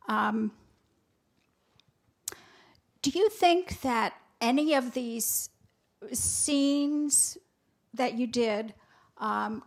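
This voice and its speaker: Woman, host of a student showcase, friendly, speaks to the students, fairly high voice. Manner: friendly, addresses students and thanks teachers. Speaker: program host for a musical theater education foundation.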